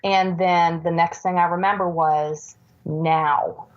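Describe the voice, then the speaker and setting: A woman in her forties, a podcast guest, earnestly recounting a personal story with halting restarts. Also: fairly low pitch, steady tone. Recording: dull lo-fi recording.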